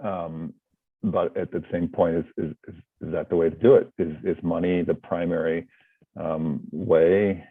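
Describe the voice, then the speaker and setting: A man's voice: low-pitched, level tone, measured pace, husky, no echo. A man from North America, a podcast guest, talking in a hesitant way with many restarts and fillers. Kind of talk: casual interview talk. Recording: tinny phone-like line.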